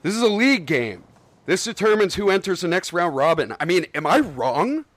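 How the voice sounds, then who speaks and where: An actor playing a hot-tempered, rule-obsessed middle-aged bowler who shouts demands in a movie scene. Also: male voice, high voice, big pitch swings, normal speed, no room sound, exaggerated voice. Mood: stern. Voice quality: forceful, shouting. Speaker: movie character.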